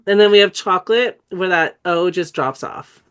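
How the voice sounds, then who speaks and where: A woman's voice: lowish voice, measured pace, fairly bright tone, smooth. A woman who has a cold, giving an enthusiastic, conversational online teaching presentation and spelling out letters as she explains. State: has a cold, coughing and clearing throat. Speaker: dyslexia trainer presenting a webinar.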